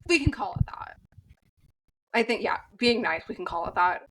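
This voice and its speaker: A woman's voice: medium pitch, lively intonation, moderate pace, noisy background. A woman co-hosting a podcast, recapping a film in a rambling, casual way with many fillers and frank swearing. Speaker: podcast co-host.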